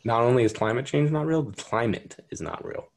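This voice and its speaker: A man trading dry, deadpan jokes in a casual comedic chat. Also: medium pitch, fairly quick, gravelly.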